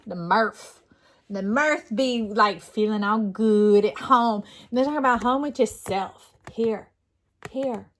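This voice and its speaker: A woman's voice: medium pitch, slow pace, a little hiss or hum. A middle-aged woman doing a casual tarot reading, earnest and rambling, with restarts and fillers. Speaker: tarot reader.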